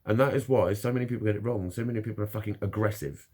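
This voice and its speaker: A male vlogger with a lowish, dark-toned voice talks in rapid-fire bursts. In a casual, frank monologue he opens up about his own experiences, swearing constantly and speaking bluntly.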